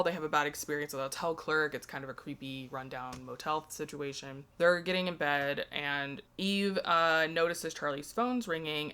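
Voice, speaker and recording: A woman's voice: low-pitched, a bit bright. A woman casually recapping a book's plot in a chatty, filler-heavy way, acting out the characters' lines as she goes. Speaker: book reviewer.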